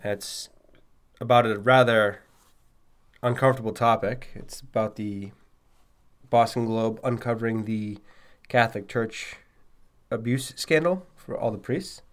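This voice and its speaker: Male podcast co-host, Massachusetts accent, middle pitch, wry and teasing. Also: measured pace, long pauses. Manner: wry, questioning, joking. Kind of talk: casual chat.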